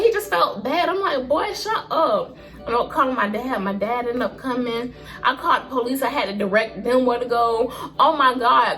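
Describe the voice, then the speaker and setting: A young woman in her early twenties with a high voice, telling a vlog storytime in an animated, slangy way. Her delivery is expressive and lively. Faint music plays underneath. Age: early 20s. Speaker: vlogger.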